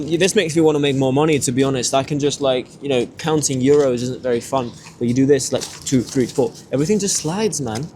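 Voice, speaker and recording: A man's voice: fairly high pitch, a little hiss or hum. Rambling young British man vlogging outdoors. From Britain. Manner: rambling, swears casually. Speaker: travel vlogger. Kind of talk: casual vlog chat. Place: outdoors on windy city streets.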